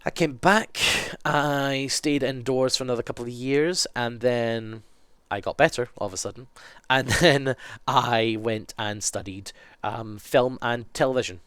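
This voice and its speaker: A man's voice: mid-range voice, measured pace, a bit bright, clean tone, no room sound. A young man with a cold, answering fan questions in a rambling, self-correcting chat. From Scotland. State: sick with a cold, sniffly. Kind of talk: casual Q&A monologue.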